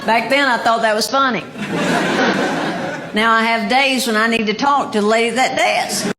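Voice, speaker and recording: A woman's voice: on the high side, fairly even intonation, normal speed, a loud crowd, very noisy. A woman telling a dry, self-deprecating comic story. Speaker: comedian.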